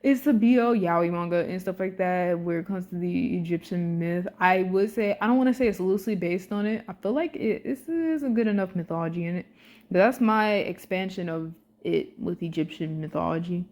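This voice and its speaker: Animated young woman gushing as a fan. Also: lowish voice, fairly quick. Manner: excitable and animated, swears freely, uses slang. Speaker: vlogger. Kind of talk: casual fan commentary.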